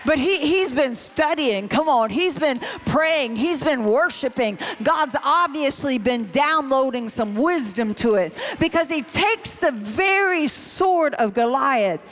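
A woman's voice: sits high, lively intonation, takes it slowly, few pauses, a bit bright. A woman preaching a sermon, folksy and talking straight to the crowd, building into a rhythmic, chant-like exhortation. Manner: folksy, direct address to the crowd.

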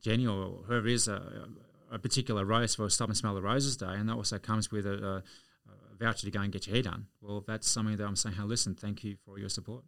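A man's voice: fairly low pitch, fairly even intonation, quick pace, vocal fry, hardly any pauses, a bit bright, no echo. An Australian man, a podcast guest, telling anecdotes in a chatty way. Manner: chatty, anecdotal, chuckles through stories. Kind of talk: casual storytelling.

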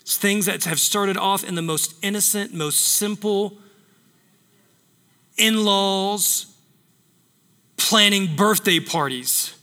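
A man's voice: high voice, slow, pauses often, bright, forceful tone, big-room sound. A man preaching a sermon, emphatic, repeating phrases to drive points home. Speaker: pastor.

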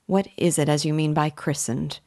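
A woman reading the part of a timid, reclusive male weaver who speaks low and hesitantly. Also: steady tone, normal speed, darkish tone, dry recording, studio quality.

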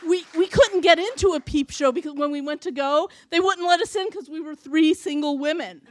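A woman's voice: high-pitched, a little fast. A woman in her forties telling a funny personal story live, chatty and laughing, with many restarts and quoted asides.

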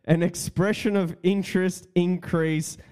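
A man's voice: high voice, steady tone, a little slow, a little mellow, clean tone. A man hosting a casual solo podcast, talking in a profane, mocking way and often laughing. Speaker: podcast host.

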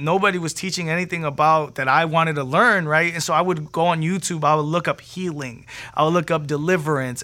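A preacher telling his personal testimony in a casual, animated way, using slang, acting out the people he quotes and repeating words when excited. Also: fairly high pitch.

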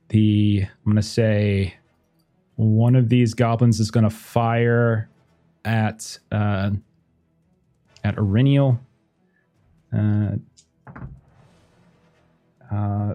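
Halting man running a tabletop game. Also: fairly low pitch, dark tone. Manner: halting, thinks aloud with many fillers; laughs often while talking. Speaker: game master. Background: faint music.

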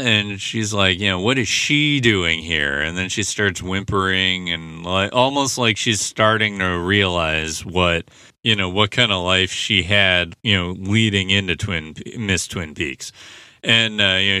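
A man's voice: low-pitched, pushed and bright, smooth, dry recording, clean studio sound. A man hosting a podcast, recapping a TV episode in casual, rambling talk full of "you know" fillers. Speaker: podcast host.

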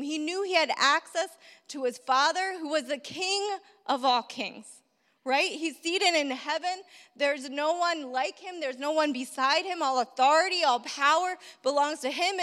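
A woman's voice: high voice, a bit bright. A woman preacher giving a sermon, telling a story with rhetorical questions and repeating key phrases for emphasis. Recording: long hall reverb.

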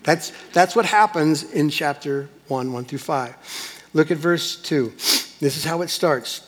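Male pastor, emphatic sermon delivery, slightly high voice, long hall reverb. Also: unhurried, breathy edge. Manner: emphatic, swinging from loud to hushed.

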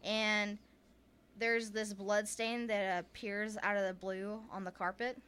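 A Southern-accented woman co-hosts a podcast, casually retelling ghost stories in chatty fashion, full of "like" and other fillers, and laughing often. Her mid-range voice is smooth and a bit bright, with a flat delivery taken slowly.

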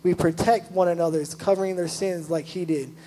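A young man, a youth pastor, giving a casual, animated sermon full of "like" asides. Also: high-pitched, brisk, low-quality recording.

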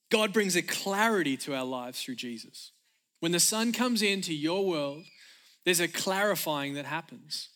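Pastor, male, high bright voice, emphatic energetic sermon delivery with repeated refrains.

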